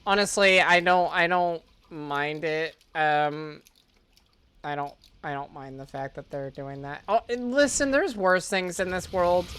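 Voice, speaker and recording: Woman streamer chatting over a game, giggly, smooth clear voice, dry sound, slow-ish. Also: on the low side, no room sound. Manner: chatty, giggly, animated reactions. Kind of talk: casual live-stream commentary while gaming.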